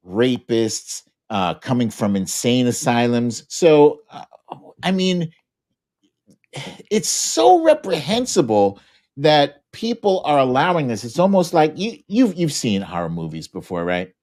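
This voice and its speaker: A man talking as a guest on a political chat show, animated and often restarting his sentences. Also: medium pitch, measured pace. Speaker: guest commentator.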